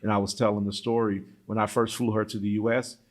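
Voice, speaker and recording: A middle-aged African-American man from the US, speaking African-American English, tells stories as a guest in a casual interview. His voice is on the low side and quick, and he is animated, laughs often and acts out the voices of people he quotes.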